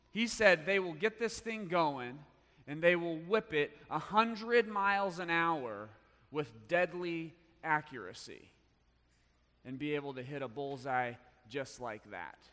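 A man preaching a sermon, telling a story with big swings between loud bursts and hushed lines. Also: on the high side, lively intonation, measured pace. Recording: long hall reverb.

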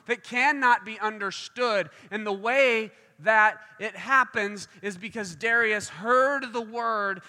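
A man preaching a sermon, telling a story and acting out the voices in it. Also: high-pitched. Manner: animated, acts out voices in stories. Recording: long hall reverb.

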